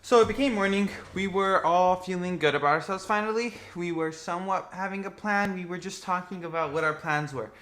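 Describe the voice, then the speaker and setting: A young man casually narrating gameplay footage, rambling and excitable, swearing freely. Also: high voice, a little fast, few pauses. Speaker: gaming vlogger.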